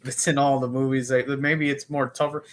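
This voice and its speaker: A man co-hosting a podcast, his voice sitting in an ordinary middle pitch. He talks in a loose, casual way, swearing often and joking between points. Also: level tone, normal speed, fairly bright tone, slight background noise. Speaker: podcast co-host. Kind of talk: casual chat.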